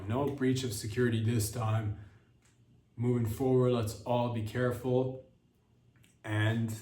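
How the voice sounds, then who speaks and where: A man's voice: mid-range voice, darkish tone. A young man hosting a comedy podcast, rambling through a sarcastic monologue and trailing off mid-thought. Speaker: podcast host. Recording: roomy sound, mic at a distance.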